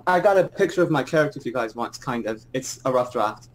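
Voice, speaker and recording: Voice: medium pitch, expressive, fast talker, low-quality recording. A tabletop game player chatting casually and a little hesitantly. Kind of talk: casual chat.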